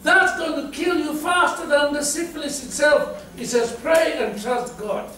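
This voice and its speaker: A man's voice: very high-pitched, moderate pace, sharp tone. A middle-aged man with a South African accent preaching a sermon, telling humorous stories and acting out the quotes he reads. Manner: humorous, storytelling, acts out quotes. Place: church hall. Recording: echoey hall from far off, noisy.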